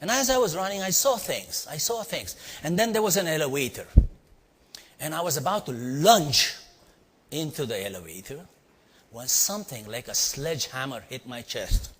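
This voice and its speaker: A man from India with an Indian accent, telling a story to a live audience and quizzing them with quick asides. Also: a little high, breathy edge. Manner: animated, quizzing the audience with "yeah?" and "right?". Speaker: leadership speaker. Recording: long hall reverb.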